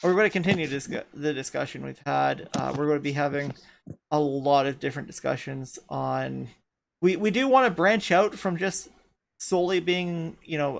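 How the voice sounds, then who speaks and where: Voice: medium pitch, gravelly, background noise. A podcast host from Canada who says they are tired, chatting casually and rambling with frequent laughs. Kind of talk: casual chat.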